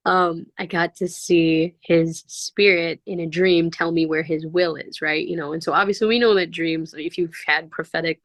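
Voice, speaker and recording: A woman's voice: fairly low pitch, fairly even intonation, moderate pace, hardly any pauses, dry recording. A woman guest in a casual interview, telling personal stories in an earnest, rambling way with many fillers. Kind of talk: casual conversational storytelling.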